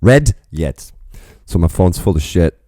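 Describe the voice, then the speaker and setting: A man hosting a reaction video, talking in a rambling, profane, animated way about a song. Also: low-pitched, a little slow, no room sound, clean studio sound. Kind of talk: casual reaction commentary.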